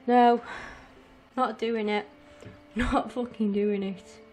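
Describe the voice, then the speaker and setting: Slow and fairly even in intonation, this woman's mid-range voice has a darkish tone, with a little hiss or hum in the recording. She's a gaming streamer in her twenties who swears nonstop through frustrated let's-play commentary while addressing her viewers.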